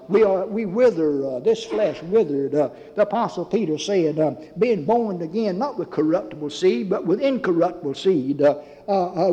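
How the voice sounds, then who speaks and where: A man preaching a sermon in a halting way, full of fillers, calling his listeners beloved. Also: high-pitched, dark tone. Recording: dull lo-fi recording with long reverb.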